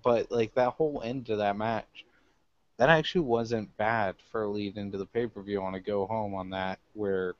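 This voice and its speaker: A man's voice: fairly low pitch, fairly even intonation, moderate pace. A man co-hosting a casual wrestling podcast, cracking dry, crude jokes. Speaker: podcast co-host. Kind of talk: casual wrestling review chat. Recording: dull lo-fi sound.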